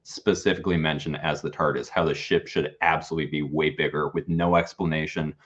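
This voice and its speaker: A man's voice: rumbling low, little pitch movement, fairly quick, muffled recording. A man appearing as a guest on a casual chat stream, rambling along with many "like" and "uh" fillers. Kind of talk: casual conversation.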